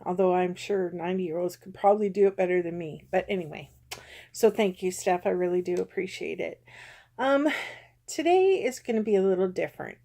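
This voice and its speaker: A woman in her fifties talks openly to her camera in a personal vlog. Her voice is mellow and warm, and her speech is halting, full of pauses and ums. She sounds emotional, close to tears at times. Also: lowish voice, gravelly. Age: 50s. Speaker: vlogger.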